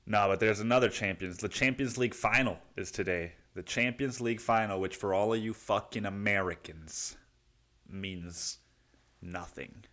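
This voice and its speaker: A young man with a low-pitched voice talks through a casual solo podcast monologue. He rambles, swears freely and mocks himself as he goes. He keeps calling the listener "dude" and "man". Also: normal speed, fairly bright tone. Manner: rambling, profane, self-mocking, says "dude" and "man" a lot. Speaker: podcast host.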